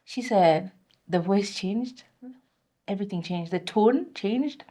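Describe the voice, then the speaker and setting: A young adult woman, co-hosting a casual chat and telling an animated story, dropping Swahili slang into her English. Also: mid-range voice, slow pace. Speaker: podcast co-host.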